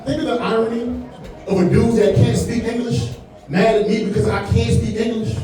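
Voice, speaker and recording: A comedian in his forties does stand-up on a comedy club stage in a very high, mellow voice, steady in tone and a little fast. He's laid-back and conversational, often using "man" and "you know what I'm saying". The echoey sound comes from far off, with soft background music.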